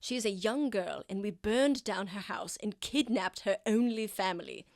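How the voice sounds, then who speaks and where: A dutiful army major answers his superior formally and deferentially, as a woman voices him in a tabletop game. The voice stays near her own middle pitch, guarded and conflicted. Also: normal speed, vocal fry, a little mellow, no echo, studio quality, lightly acted.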